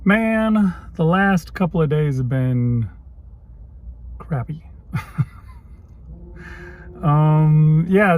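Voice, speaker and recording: A man talking casually to camera in his video diary, in a voice sitting a little high. He is candid and self-deprecating and chuckles often. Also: darkish tone. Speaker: vlogger.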